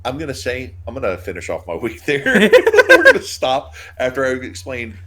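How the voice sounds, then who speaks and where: A man's voice: medium pitch, wildly swooping pitch, moderate pace, pushed and bright. A man in his thirties, co-hosting a casual podcast chat, rambling with restarts and frequent laughs. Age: 30s. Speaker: podcast co-host.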